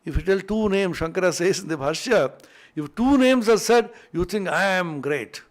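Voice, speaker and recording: A man retells an old scripture story to a class, animated and playful, with asides to his listeners. His voice is notably high for a man. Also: moderate pace. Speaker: scripture teacher.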